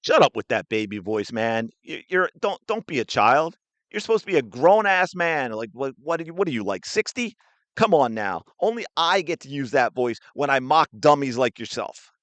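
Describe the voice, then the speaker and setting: A man's voice: medium pitch, big pitch swings, moderate pace, a bit bright, dry recording. A man hosting a sports podcast, ranting with indignant, sarcastic commentary while reacting to a clip.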